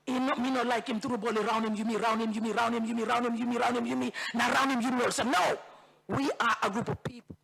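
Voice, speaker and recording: A woman's voice: fairly high pitch, steady tone, very fast, gravelly, fairly bright tone. A woman from Bougainville with a Bougainville accent, a member of parliament giving an impassioned debate speech, repeating phrases for emphasis and slipping into Tok Pisin. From Bougainville, Papua New Guinea. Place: parliament chamber.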